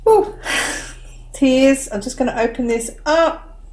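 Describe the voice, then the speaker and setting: Slow-talking tearful woman gushing over mail. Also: mid-range voice. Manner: gushing, excitable, many oohs and wows. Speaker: crafting vlogger. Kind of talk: unboxing vlog chat.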